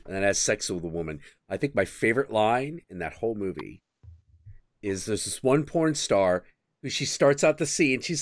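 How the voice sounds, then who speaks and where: A man hosting a stream, chatting casually and telling crude, animated stories. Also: fairly low pitch, normal speed, no room sound. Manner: animated, crude storytelling with bursts of acted quotes. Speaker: stream host. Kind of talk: casual chat.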